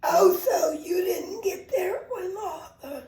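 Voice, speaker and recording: High-voiced woman, off-mic. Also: takes it slowly, far from the mic, crowd noise. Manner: brief prompting questions. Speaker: host, the storyteller's mother. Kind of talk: casual family chat. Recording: echoey room, off-mic, faint ambience.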